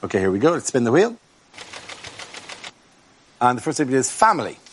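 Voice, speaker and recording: A man hosting a comedy panel show, introducing the rounds in a brisk, upbeat way. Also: medium pitch, slight background noise. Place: TV studio with live audience. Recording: lively studio audience behind.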